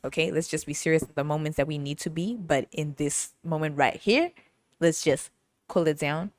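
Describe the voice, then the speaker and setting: Woman, podcast host, casual storytelling, playful, lowish pitch, dry close sound. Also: moderate pace, no room sound. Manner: chatty, laughs often, playful roasting.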